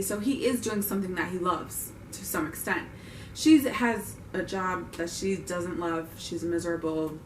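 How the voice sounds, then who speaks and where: A young woman chats through a film recap, opinionated and full of wry asides. Her voice has a middling pitch and sounds a little distant from the mic, with a roomy echo and a faint hiss underneath. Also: a bit bright. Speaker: vlogger reviewing a film.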